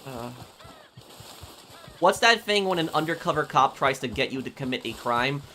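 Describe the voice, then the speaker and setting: A man streaming a game, chatting casually and answering super chats in a halting, opinionated, rambling way. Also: mid-range voice, expressive, sharp tone, slight background noise. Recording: game sounds with horses behind.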